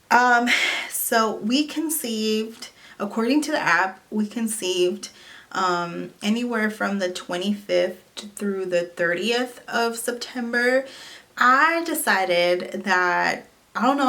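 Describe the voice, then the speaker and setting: A young woman telling a personal story to camera in a casual vlog, talking in an animated way with lots of "like" and "you know". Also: medium pitch. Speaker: vlogger.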